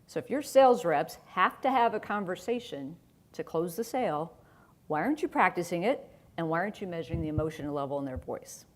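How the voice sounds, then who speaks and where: Middle-aged woman, conference speaker, conversational delivery, lowish voice, stage mic. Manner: conversational, chatty, laughs often. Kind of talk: conference presentation.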